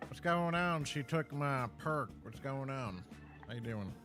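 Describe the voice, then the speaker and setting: A man's voice: mid-range voice, lively intonation, unhurried, over music. A man streaming a game, chatting with teammates in a folksy, mock-polite way. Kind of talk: casual gaming commentary.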